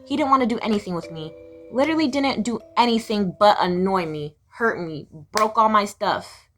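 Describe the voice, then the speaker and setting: A woman's voice: mid-range voice, moderate pace. Young woman, confessional vlogger, raw and blunt, medium voice, music bed behind. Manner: emotional, blunt, swearing, swings between raw and flat. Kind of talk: personal confessional storytelling.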